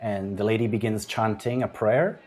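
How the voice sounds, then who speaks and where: Casting: male game master, slightly low voice, chatty, relaxed narration. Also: moderate pace. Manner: relaxed and chatty, laughs often, restarts sentences.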